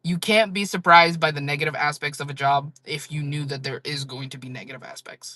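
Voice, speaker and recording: A woman hosts a casual livestream, talking frankly to her viewers with a bright, forceful edge. She swears freely and laughs often. The sound is dry and close, with no room around it. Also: low-pitched, steady tone, fairly quick, no echo. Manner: blunt, frank talk with frequent laughs and swearing. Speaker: livestream seller chatting with viewers.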